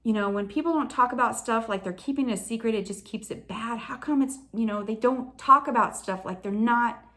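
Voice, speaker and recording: A woman's voice: fairly high pitch, brisk, a bit bright. A woman telling a personal story in a casual, earnest, confessional way, often laughing at herself.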